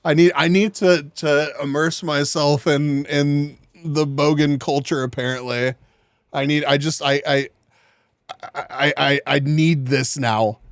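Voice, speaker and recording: A man's voice: a little high, steady tone, a little slow, smooth, no echo, studio quality. A man commentating casually on a live stream, laughing often and coughing between jokes. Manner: giggly, keeps laughing and joking. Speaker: streamer reacting to a video.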